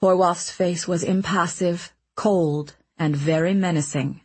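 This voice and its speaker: A woman narrating an audiobook in a measured, expressive storytelling manner. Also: lowish voice, slightly rough.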